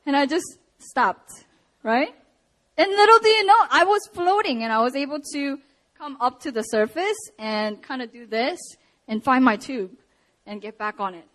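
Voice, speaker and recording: A young woman preaching a sermon and telling a personal story, animated with laughs and acted-out quotes. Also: sits high, normal speed.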